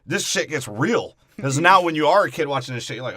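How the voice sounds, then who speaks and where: A man's voice: fairly high pitch, expressive, a little fast, a bit bright, dry recording. A man co-hosting a podcast, riffing crudely through a movie recap and slipping into mock character voices. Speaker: podcast co-host.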